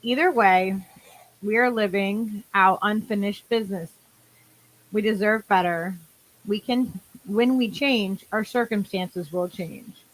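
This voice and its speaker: A woman co-hosting a casual talk show, reading affirmations slowly and gently and giggling now and then. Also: medium pitch, poor audio. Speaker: podcast co-host.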